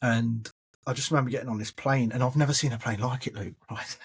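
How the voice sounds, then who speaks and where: Husky English man telling stories. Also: mid-range voice, fairly even intonation, fast talker. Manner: chatty, keeps addressing the listener as mate. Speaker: podcast host telling his story. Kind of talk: casual storytelling chat.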